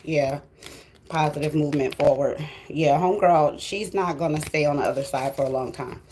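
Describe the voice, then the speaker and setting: A woman's voice: low voice, normal speed, noisy background. A woman giving a spiritual tarot reading, emotional and fighting back tears while she talks casually to her viewers. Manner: addresses viewers directly and casually. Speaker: tarot reader.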